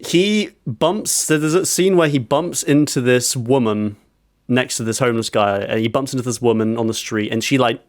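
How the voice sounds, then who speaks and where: A man's voice: mid-range voice, normal speed, dry recording, clean studio sound. A man on a podcast telling a story, acting out quotes as he goes. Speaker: podcast co-host. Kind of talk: casual chat.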